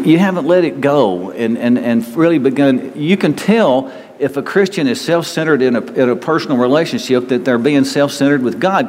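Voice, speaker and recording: A man's voice: medium pitch, a little mellow. A man preaching a conversational sermon as a pastor, often acting out the voices of self-centered people. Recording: reverberant hall with faint room noise.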